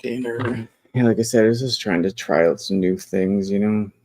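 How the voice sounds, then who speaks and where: A man hosting a casual livestream, chatting about his toys in an animated, talkative way, laughing often and swearing now and then. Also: lowish voice, normal speed, no room sound. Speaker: livestream host.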